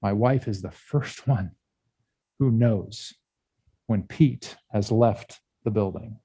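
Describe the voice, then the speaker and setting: A male pastor giving a candid sermon, speaking with pauses and restarts. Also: fairly low pitch, dark tone, slightly rough, no room sound. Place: church.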